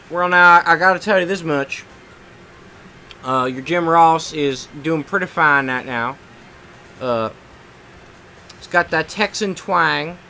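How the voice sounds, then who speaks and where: A man putting on the voice of an older male wrestling commentator, with a folksy, drawn-out twang. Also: a little high, pushed and bright, a little hiss or hum.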